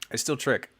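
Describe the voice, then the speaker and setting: A young man chatting casually on his livestream, giving friendly feedback on music with lots of fillers. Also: a bit bright. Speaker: music producer streaming feedback.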